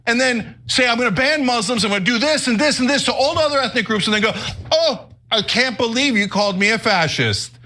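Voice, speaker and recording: A man in a heated political debate, arguing forcefully and mocking his opponent's words. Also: very high-pitched, animated. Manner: forceful, rapid lists of accusations, mocking quotes. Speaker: show host in debate.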